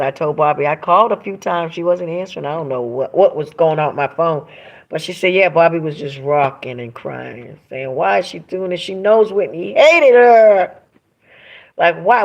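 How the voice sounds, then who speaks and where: Woman livestream host, emphatic storyteller, reads comments out loud. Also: low voice, gravelly. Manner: emphatic, retelling stories with quoted dialogue; reads and answers viewer comments aloud. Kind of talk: casual livestream chat.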